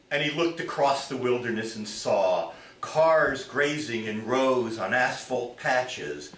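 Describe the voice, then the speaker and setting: A man, a poet, giving a live reading of his poems on a theater stage in a measured, expressive way. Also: medium pitch, a little hiss or hum. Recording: roomy theater, from far off.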